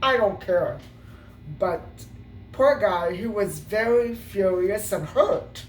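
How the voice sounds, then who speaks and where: A woman's voice: medium pitch, expressive, slow pace, soft background music. A middle-aged woman telling a personal story in a casual vlog, rambling with many fillers and restarts. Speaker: vlogger. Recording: roomy sound from a distance.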